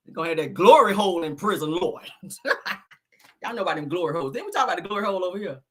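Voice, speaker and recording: A man's voice: high voice, expressive, moderate pace, pauses often, fairly bright tone. A man hosting casual gossip commentary in a flamboyant, sassy, cackling manner.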